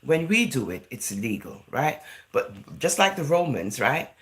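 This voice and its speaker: A woman's voice: extremely low pitch, big pitch swings, normal speed. A woman from England, vlogging in a chatty, rambling monologue. She fills her talk with "you know" and "right?" and slips into Jamaican-style phrasing. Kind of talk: casual talking-to-camera monologue.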